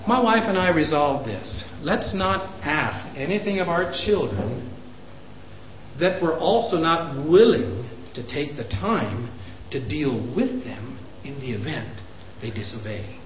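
A man in his fifties lecturing parents, animated, pushing his voice up for emphasis and chuckling at himself. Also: fairly high pitch, slow pace. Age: 50s. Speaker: speaker on parenting. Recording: roomy, dull lo-fi recording.

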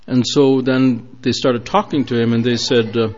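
A man's voice: medium pitch, steady tone, moderate pace. A man preaching a sermon, telling a story earnestly with some hesitations. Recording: dull lo-fi recording.

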